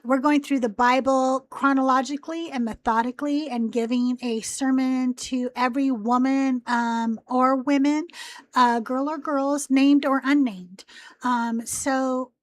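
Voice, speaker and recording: This woman hosts a live call-in show, rambling casually in a teen-like, youthful voice. It's high-pitched with fairly even intonation, and she speaks a little slowly.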